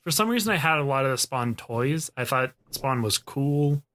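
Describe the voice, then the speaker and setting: A man's voice: mid-range voice, expressive, moderate pace, fairly bright tone. A man co-hosting a podcast, chatting in a laid-back way and telling stories. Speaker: podcast co-host. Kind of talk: casual chat.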